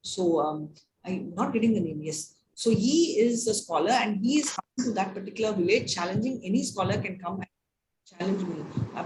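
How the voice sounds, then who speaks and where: A woman telling a devotional story, chatty and full of fillers, often checking in with "right?". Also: medium pitch. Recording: noisy room recording.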